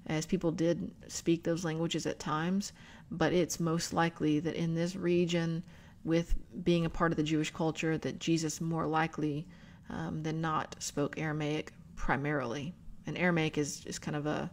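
A woman hosting a book club video, explaining scripture and spelling out words in an unhurried teaching manner. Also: sits low, a little mellow. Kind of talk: bible study teaching.

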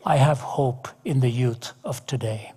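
A man's voice: mid-range voice, measured pace, mellow, breathy edge. A man preaching a sermon in a large hall, emphatic and repeating words for effect. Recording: long hall reverb.

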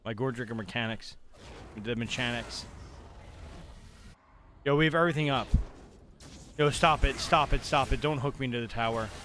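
Bright-voiced excitable young gaming streamer. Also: male voice, mid-range voice, normal speed, pauses often, a little hiss or hum. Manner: excitable, swings from mumbling to yelling. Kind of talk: live gameplay commentary.

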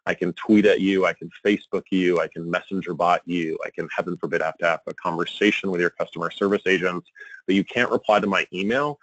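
A man giving a conference presentation, animated and exasperated, with a joking edge. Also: low-pitched, fast talker, hardly any pauses, no echo, poor audio. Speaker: conference speaker on email marketing.

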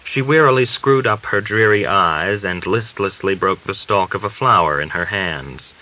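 A man narrating a novel as an audiobook reader, measured and even. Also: low voice. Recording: dull lo-fi audiobook recording.

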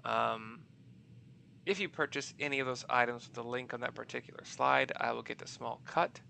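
A man's voice: mid-range voice, fairly even intonation, moderate pace, gravelly, pushed and bright, slight background noise. A man narrating his gameplay in a chatty, rambling, self-deprecating way. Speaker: gaming channel host.

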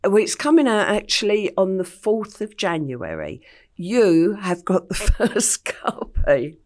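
An older Englishwoman talks through her past in a plain storytelling manner, stopping often with an um. Her voice sits at an ordinary middle pitch. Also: very animated, slow, a little mellow. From England. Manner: plain storytelling with frequent ums. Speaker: guest. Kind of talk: recounting her life story in an interview.

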